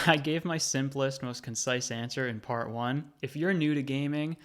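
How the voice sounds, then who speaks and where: A man's voice: medium pitch, fairly bright tone. A man in his thirties, a gaming channel host, narrating a scripted video essay in a conversational, lightly wry way.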